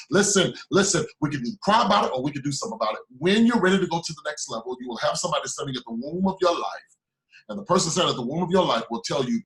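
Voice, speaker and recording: High-voiced man giving a fiery pep talk. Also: animated, very fast. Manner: preachy, repetitive, swings between loud urging and low asides. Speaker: business mentor. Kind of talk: motivational speech.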